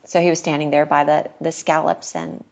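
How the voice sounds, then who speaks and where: Woman, middle-aged, podcast guest, earnest, candid storytelling, light laughs, lower pitch. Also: expressive, brisk, lo-fi sound. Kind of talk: personal storytelling in casual chat.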